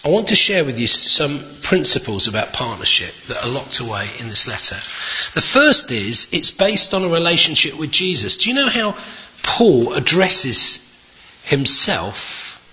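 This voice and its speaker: A man's voice: fairly high pitch, big pitch swings, a little slow, pushed and bright. A middle-aged man preaching a sermon, reading scripture and telling stories, stretching out key words for emphasis. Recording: dull lo-fi sound.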